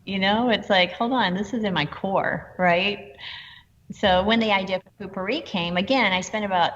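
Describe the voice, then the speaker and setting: A middle-aged woman telling stories in a casual interview, animated and quoting people in dialogue. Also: mid-range voice, normal speed, a little hiss or hum. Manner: animated, quotes herself and others in dialogue. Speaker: guest entrepreneur. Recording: dull lo-fi sound with long reverb.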